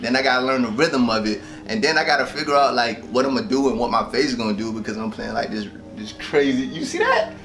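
A young man with a Virginia accent, an actor chatting casually about a web series and telling animated stories. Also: medium pitch, quick pace, hardly any pauses, soft background music. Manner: animated storyteller, acts out loud quoted voices. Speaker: actor guest. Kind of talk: casual behind-the-scenes chat.

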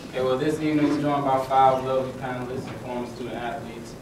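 Flat-voiced young man moderating, echoey hall. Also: mid-range voice, distant mic, very noisy. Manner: halting, with fillers. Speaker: student panel moderator. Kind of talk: introducing a panel.

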